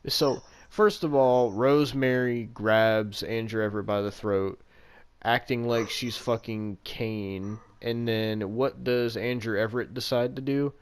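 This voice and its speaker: Exasperated podcast co-host ranting. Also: male voice, medium pitch, fairly even intonation, a little slow, smooth. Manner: exasperated, profane wrestling rant. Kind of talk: casual chat.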